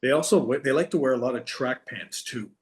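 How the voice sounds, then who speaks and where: A man's voice: medium pitch, brisk, darkish tone. A man co-hosting a podcast in casual chat, teasing his partner with dry banter. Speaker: podcast co-host.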